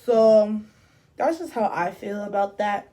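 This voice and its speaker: Unhurried and mellow, this mid-range voice belongs to a young woman doing her makeup as she tells a storytime. The beauty vlogger is chatty and leans on fillers, frequently saying "like" and "literally."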